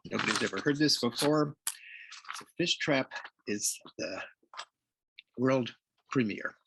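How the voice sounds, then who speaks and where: A man reading aloud from his novel at a public reading, expressive and dramatic. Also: medium pitch, vocal fry, husky, dry recording. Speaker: author reading his work. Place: reading series event.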